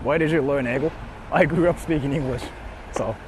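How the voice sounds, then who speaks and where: A man's voice: a little high, fairly quick, background noise. A young man chatting casually on a stream from a car, reading donations, playful and sweary.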